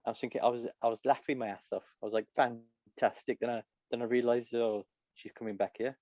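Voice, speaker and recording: A man's voice: mid-range voice, fairly even intonation, fast, mellow, no echo, lo-fi sound. A man with a British accent, co-hosting a casual chat show, joking, laughing and slipping into mock voices. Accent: British English. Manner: jokey, laughs a lot, does mock voices. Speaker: podcast co-host.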